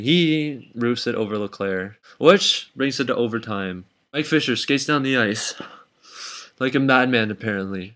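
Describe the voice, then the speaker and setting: A young man casually recapping hockey games for his vlog, jokey and excitable, with sudden high whoops. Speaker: hockey fan vlogger.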